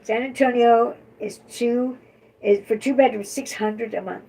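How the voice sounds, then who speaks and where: A woman co-hosting a livestream in casual chat, reading viewer comments aloud and answering with quick opinions. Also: on the high side, steady tone, vocal fry, mellow, husky. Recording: distant from the mic.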